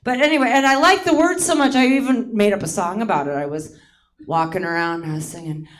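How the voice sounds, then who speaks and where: A woman in her late fifties from Hawaii speaks fast in a mid-range voice during a self-mocking stand-up set at a theater, often laughing along with her own lines.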